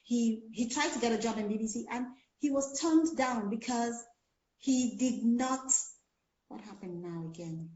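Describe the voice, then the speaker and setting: A woman's voice: a little high, measured pace, darkish tone. A Nigerian woman coaching on speech and pronunciation in a casual talk, explaining with many fillers. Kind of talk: casual chat on a call. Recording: echoey lo-fi call audio.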